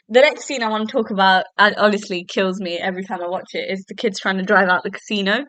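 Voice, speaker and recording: A woman's voice: medium pitch, steady tone, fast talker, few pauses, a bit bright, no room sound. A young woman hosting a solo podcast at home, casually reviewing a TV episode in a chatty way, full of fillers and self-corrections. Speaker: podcast host.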